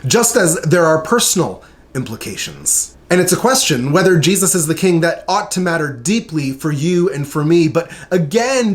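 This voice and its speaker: A man teaching a short Bible study, reading scripture aloud in an earnest, measured way with emphatic pauses. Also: on the high side.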